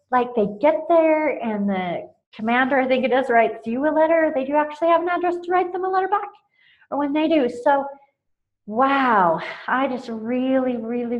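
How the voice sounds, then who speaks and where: Earnest high-voiced mom giving parenting tips. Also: female voice. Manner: earnest and emotional, with frequent laughs and restarts. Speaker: parenting mentor. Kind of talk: informal talk on parenting tips. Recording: muffled lo-fi recording.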